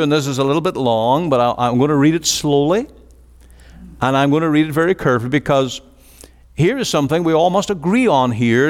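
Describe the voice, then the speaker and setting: Emphatic preacher in a reverberant hall. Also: male voice, on the high side. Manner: emphatic, stretches key words, repeats phrases. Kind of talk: sermon.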